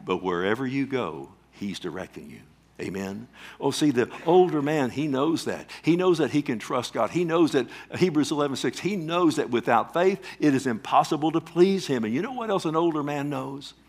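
Casting note: male pastor preaching, emphatic, call-and-response, loud bursts and hushed asides. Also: medium pitch, lively intonation, normal speed. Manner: emphatic, calls for responses, sudden loud swells and quiet drops. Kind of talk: sermon.

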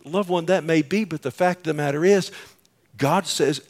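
A male pastor preaching a sermon in church, moving between hushed, near-whispered passages and loud, impassioned outbursts. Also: a little high, normal speed. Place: church sanctuary.

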